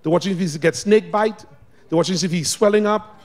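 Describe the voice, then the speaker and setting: A man preaching a sermon in a church, exhorting the congregation and swinging between loud shouts and quiet asides. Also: high voice, brisk. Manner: exhorting, calls on the congregation to respond. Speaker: pastor. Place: church sanctuary.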